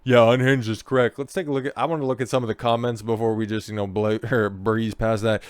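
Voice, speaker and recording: A man's voice: fairly low pitch, level tone, fast, smooth, dry recording. A man hosting a reaction commentary who talks in a sarcastic, mocking and often profane way, checking in with "okay?" as he goes. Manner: repeats "okay?" and "right?" at the ends of phrases. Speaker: commentary host.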